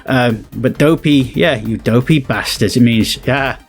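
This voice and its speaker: A man's voice: medium pitch, a little slow, soft background music. A man from southwest England with a West Country accent, chatting through a casual reaction commentary and rambling on with lots of fillers and restarts. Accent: West Country English. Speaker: video commentator.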